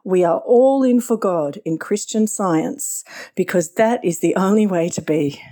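A woman's voice: mid-range voice, a little slow, mellow. A woman from Australia giving a heartfelt, earnest testimony at a church meeting. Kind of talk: prepared personal testimony.

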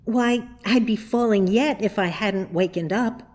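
A woman's voice: unhurried, darkish tone, lightly acted. Storybook girl, young and earnest, eager and insistent, read by a woman. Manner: raised pitch, eager and insistent.

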